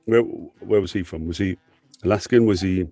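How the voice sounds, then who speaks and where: A man's voice: sits low, normal speed, creaky, dark tone. A man co-hosting a comedy podcast, bantering with dry, playful interjections.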